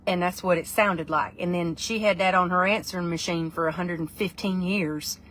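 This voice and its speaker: A woman's voice: lowish voice, fairly even intonation, normal speed, fairly bright tone, slight background noise. A middle-aged woman, chatting in a playful, rambling vlog while reviewing food. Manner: playful, rambling, breaks into put-on voices.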